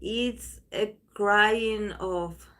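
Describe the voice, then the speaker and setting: A woman's voice: mid-range voice, drawn-out words, pushed and bright. A woman hosting a tarot channel, chatting casually to viewers in a rambling way, full of restarts and fillers.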